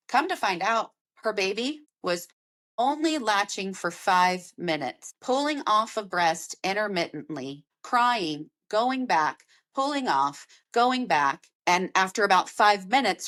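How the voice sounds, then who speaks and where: A woman hosts a podcast as a lactation consultant, speaking in a casual, unscripted monologue. Her voice sits at an ordinary middle pitch. She is earnest and emphatic and tends to repeat her key phrases. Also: lively intonation, unhurried, fairly bright tone.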